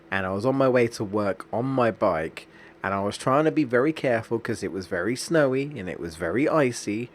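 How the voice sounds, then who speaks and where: Low-voiced man rambling over gameplay. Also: slight background noise. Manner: rambling, anecdotal, many restarts and fillers. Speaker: streamer. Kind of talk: casual gameplay commentary.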